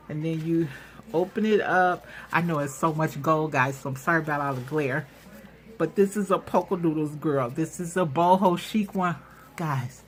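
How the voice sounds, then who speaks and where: A woman hosting a casual craft vlog, showing off handmade items in an excitable, chatty way with lots of fillers, recorded at home on a camera mic. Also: sits low, slight background noise. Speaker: craft channel host. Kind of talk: casual show-and-tell vlog.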